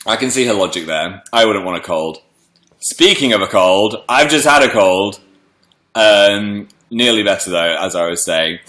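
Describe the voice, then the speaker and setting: A young man with a bright, forceful voice hosts a casual livestream and rattles off viewers' names in greeting. He sounds slightly stuffed up from a cold. The room around him is echoey. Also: on the low side, animated, normal speed. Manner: chatty, greets viewers by name. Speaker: livestream host.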